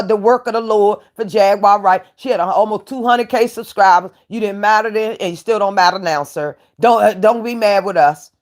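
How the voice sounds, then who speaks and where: A woman from the United States, hosting a casual commentary rant in a brash, taunting way and laughing often. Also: medium pitch. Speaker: YouTube commentary host playing a judge.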